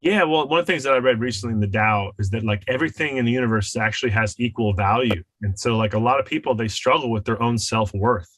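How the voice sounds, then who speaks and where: A man's voice: medium pitch, quick pace, hardly any pauses, fairly bright tone, rough recording. A man, a wellness coach and author, speaking as a podcast guest in an emphatic, teacherly way. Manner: emphatic, teacherly, acts out voices in his examples.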